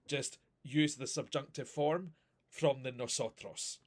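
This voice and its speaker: Male language teacher, mid-range voice, steady class review. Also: medium pitch, unhurried. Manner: patient, explaining step by step with frequent "okay?". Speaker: Spanish teacher.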